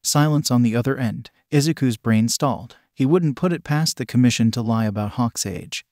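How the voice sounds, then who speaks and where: A man narrating a fan fiction story in an even, steady reading style. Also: medium pitch, normal speed, dry recording, studio quality.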